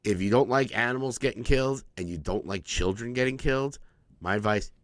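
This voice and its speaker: A man's voice: mid-range voice, brisk, no echo, studio quality. A man co-hosting a podcast, casually and profanely recapping a horror movie and acting out the characters' lines. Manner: profane, animated movie recapping with acted-out quotes. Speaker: podcast co-host. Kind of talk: casual chat.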